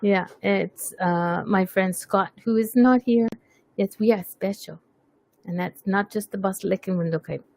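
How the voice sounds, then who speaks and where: A woman's voice: medium pitch, a little slow, vocal fry, a little mellow, no room sound. A woman hosting a webcast, chatting casually, teasing herself and laughing often. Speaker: webcast host. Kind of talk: casual chat.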